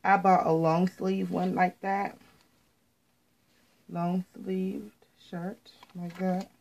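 A woman's voice: on the low side, little pitch movement, very slow, gravelly, darkish tone, poor audio. Chatty American woman showing clothes. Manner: chatty, repeats words, says "you guys" often. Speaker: fashion vlogger. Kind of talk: casual haul video.

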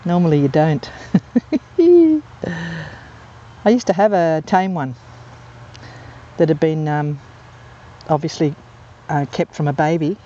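A woman's voice: low voice, lively intonation, unhurried, long pauses, mellow. A woman from England narrates off the cuff as she films wild birds on a golf course, wandering from one story to the next with lots of ums and uhs. The sound is a little muffled and dull, caught on a handheld camera mic outdoors. Birds squawk in the background. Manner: rambling, anecdotal, many ums and uhs. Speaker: amateur nature videographer. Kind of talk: casual off-the-cuff narration while filming.

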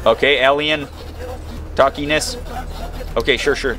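A young man commentating a video game, excitable and quick to exclaim. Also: mid-range voice. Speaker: gaming video host. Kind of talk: let's play commentary.

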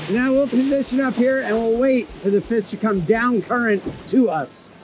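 A man with a notably high voice gives excited commentary out on the water. He keeps exclaiming and cheering, then breaks into instructive tips on fishing technique, all spoken from a small boat outdoors. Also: normal speed, background noise. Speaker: fishing video host.

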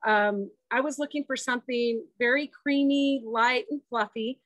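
Woman, high voice, video call, relaxed and talkative, lots of "um"s, dry close sound. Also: normal speed, no echo. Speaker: guest sharing a dessert. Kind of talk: casual chat demo.

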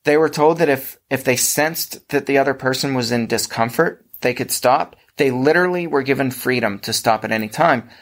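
A man's voice: medium pitch, moderate pace, few pauses, fairly bright tone. A man with a Pennsylvania accent hosting a casual podcast discussion, explaining at length with frequent restarts. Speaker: podcast host.

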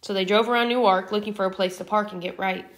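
A woman reading a novel aloud as an audiobook narrator in a steady, even storytelling manner. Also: medium pitch, fast talker. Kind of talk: scripted narration.

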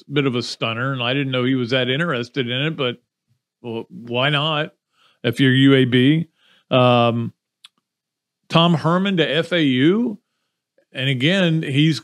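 A man hosting a podcast, giving casual, opinionated sports commentary in a rambling way. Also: mid-range voice. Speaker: podcast host.

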